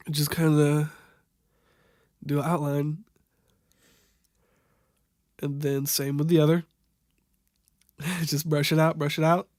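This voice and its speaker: A young man improvising a makeup tutorial voiceover, halting and stumbling over product names, wryly amused by what he sees. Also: a little high, darkish tone, no room sound, clean studio sound. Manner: wry, amused at the footage. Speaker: voiceover narrator.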